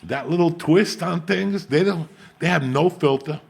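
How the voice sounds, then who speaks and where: A middle-aged man from Cuba, telling profane stories in an animated, casual chat as host. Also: fairly high pitch, a little slow, vocal fry, breathy edge. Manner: animated, profane storytelling with Spanish asides. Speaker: podcast host.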